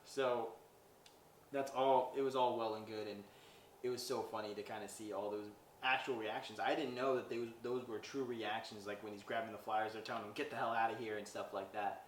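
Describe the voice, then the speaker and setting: A man's voice: fairly low pitch, steady tone, normal speed, a little hiss or hum. A man hosting a podcast, recapping a movie in a loose, rambling way with lots of "he's like" quotes. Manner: rambling, retells scenes with "he's like" and acted quotes. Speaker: podcast host. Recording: echoey room, mic at a distance.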